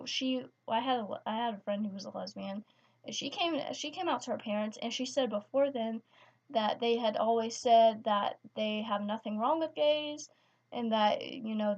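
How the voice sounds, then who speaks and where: Hesitant teenage girl, lo-fi sound. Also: medium pitch. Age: teens. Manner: hesitant, many restarts and fillers. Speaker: vlogger. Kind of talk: personal story vlog. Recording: slightly dull lo-fi sound.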